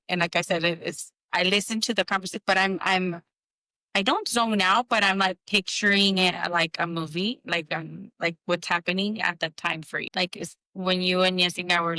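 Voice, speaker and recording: A woman in her thirties talks through a podcast chat in a halting way, restarting her sentences. Her voice sits a little low yet sounds bright and smooth, recorded dry and close. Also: no echo, low-quality recording. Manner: halting, many restarts and fillers. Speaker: podcast co-host. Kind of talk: casual heartfelt conversation.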